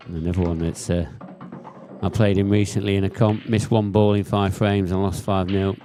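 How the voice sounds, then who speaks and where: A man's voice: low voice, flat delivery, moderate pace, dark tone, soft background music. A man commentating live on a pool match in a casual, chatty way and reading viewer comments aloud.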